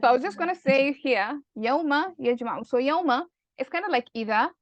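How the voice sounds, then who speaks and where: A woman's voice: high-pitched, animated, normal speed, dull audio. A woman teaching Arabic grammar in an online lesson, explaining patiently step by step and asking rhetorical questions.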